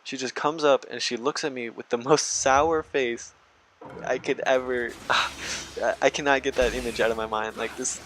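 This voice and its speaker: A man's voice: mid-range voice, fairly even intonation, moderate pace, fairly bright tone, a little hiss or hum. A man casually telling a personal anecdote to his viewers in a laid-back manner, laughing now and then. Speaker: vlogger. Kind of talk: casual storytelling.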